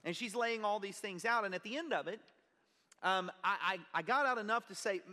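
A pastor preaching a sermon, telling a personal story in an earnest, conversational way. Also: male voice, high voice, brisk, pushed and bright. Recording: long reverb of a large hall.

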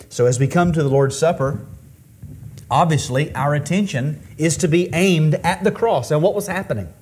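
Brief: male pastor, fairly high voice, unhurried sermon delivery with halting restarts and pitch swells on key words. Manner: slow and deliberate, with repeated restarts; rises and falls in pitch for emphasis. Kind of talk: sermon before communion.

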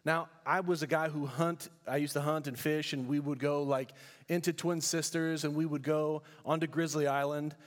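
A pastor from California preaching a sermon in a church, emphatic, with rhetorical questions and storytelling asides. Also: male voice, fairly high pitch, fairly even intonation, moderate pace, in a large hall.

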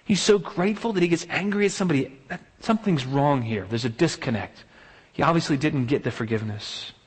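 Male pastor, sermon delivery, repetitive exclamatory phrasing, a bit high in pitch, recorded in a reverberant sanctuary. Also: a little fast, husky. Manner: emphatic rhetorical exclamations and repetition. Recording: long hall reverb.

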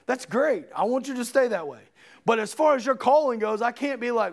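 A man preaching a sermon in a church, impassioned, rising to shouts and then dropping low and earnest. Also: lively intonation, brisk, creaky. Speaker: pastor.

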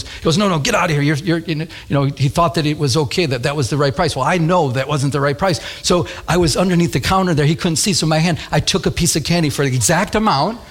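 A man preaching a sermon, telling a lively childhood story with acted-out voices before turning to scripture in emphatic, repeated phrases. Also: medium pitch. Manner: animated storytelling, acts out voices.

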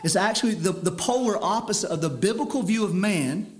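Male preacher, higher register, stern and earnest sermon delivery with restarts. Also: expressive, fairly quick. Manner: earnest, stern, repeats words while building a point.

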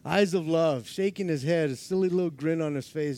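A man preaching a sermon as pastor, laughing often and acting out quotes, moving from loud to hushed. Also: a little high, fairly quick.

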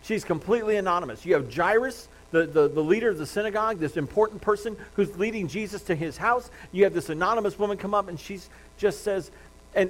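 A man preaching a sermon, retelling a Bible story with lively acted-out quotes and frequent restarts. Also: fairly high pitch, low-quality recording. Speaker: pastor.

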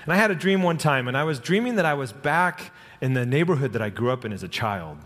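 A man's voice: medium pitch, very animated, a bit bright. Earnest male pastor preaching in a reverberant hall. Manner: earnest, personal storytelling with dramatic slow-downs. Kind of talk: sermon. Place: church sanctuary.

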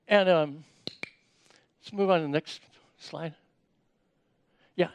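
High-voiced man preaching a casual sermon. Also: slow pace, smooth, no room sound. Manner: conversational, repeats words when starting sentences, asks the audience questions.

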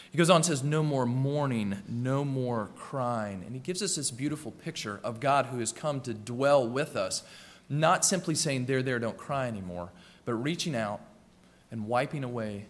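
A man preaching a sermon with earnest, rhythmic repetitions, slowing down and softening for emphasis. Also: medium pitch. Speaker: pastor. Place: church sanctuary. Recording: long reverb of a church hall.

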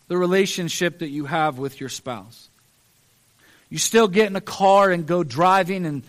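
A man with a notably high voice preaches a heartfelt sermon. He talks earnestly and pleads with his listeners, lifting his voice on the phrases he repeats. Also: a bit bright.

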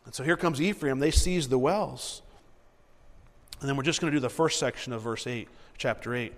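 A man preaching and reading Bible verses aloud, animated and repeating himself as he acts out the story. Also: medium pitch, moderate pace, big-room sound. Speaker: preacher teaching a Bible passage.

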